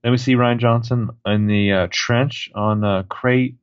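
A man's voice: medium pitch, fairly even intonation, a little slow, smooth, no room sound, dull audio. A man co-hosting a podcast, plainly describing film footage with joking asides. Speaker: podcast co-host. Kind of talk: casual film commentary.

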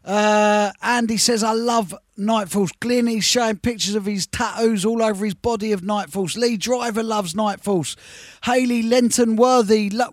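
A man's voice: very high-pitched, dry recording, studio quality. A man hosting as a rave music DJ, chatting casually and enthusiastically, repeating words in bursts. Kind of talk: casual chat.

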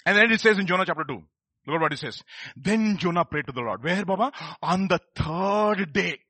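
Male preacher, bright husky voice, quizzes the congregation, dry close sound. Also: high voice, lively intonation, a little fast, no echo. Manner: emphatic, quizzes the congregation with rhetorical questions. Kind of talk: sermon.

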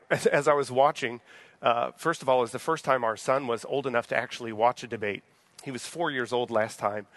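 A man's voice: mid-range voice, fairly bright tone, no room sound. A man in his thirties, a pastor, giving an evening sermon in a conversational way, often asking the congregation questions. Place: church sanctuary.

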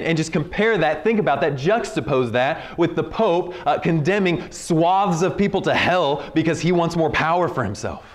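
A man preaching a sermon at a conference, conversational and earnest, often checking in with "right?" and dropping low and quiet to stress a point. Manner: conversational and earnest, with frequent asides and repeated "right?"; drops to a low, quiet voice for emphasis. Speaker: conference speaker.

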